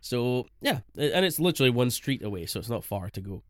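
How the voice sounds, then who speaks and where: A man's voice: mid-range voice, sing-song, quick pace, no room sound, clean studio sound. A man co-hosting a casual podcast, chatting and laughing often, rambling with fillers. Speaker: podcast co-host. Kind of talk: casual chat.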